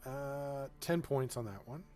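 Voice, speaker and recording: A relaxed man narrates as game master in an ordinary middle-pitched voice. His talk is loose and chatty, full of ums and quick chuckles as he calls out the dice results. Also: faint music behind. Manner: relaxed, chuckling, with filler-heavy asides.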